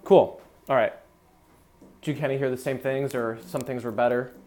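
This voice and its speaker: Loud music sits behind a young man's mid-range voice, which moves at normal speed with fairly even intonation. He runs a small brass ensemble's rehearsal in a casual, filler-heavy way, singing out syllables to demonstrate articulation.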